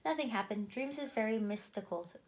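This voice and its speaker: A woman reading the lines of a big friendly male giant who speaks gently with mangled grammar in a storybook read-aloud. She keeps close to her own voice for him. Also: a little high, expressive, brisk, close to an everyday voice, rough recording. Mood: gentle. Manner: mangled grammar, soft-spoken.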